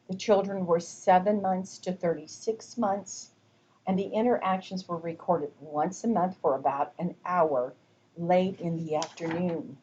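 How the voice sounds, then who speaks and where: A woman giving a recorded lecture, explaining slowly and deliberately, sometimes dropping to a whisper to demonstrate. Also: fairly low pitch, dark tone, dull audio, slight background noise.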